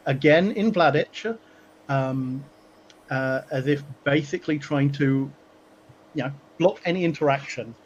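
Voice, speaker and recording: A man running a tabletop game as game master, narrating haltingly with many fillers. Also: a little high, lo-fi sound, a little hiss or hum. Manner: halting, many ums and uhs.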